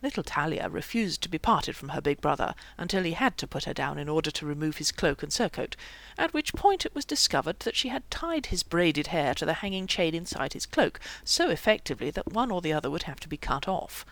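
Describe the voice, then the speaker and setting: A narrator reading a fantasy novel aloud in a lively, expressive way. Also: mid-range voice, fairly quick, gravelly, few pauses, dry recording. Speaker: audiobook narrator. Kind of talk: audiobook narration.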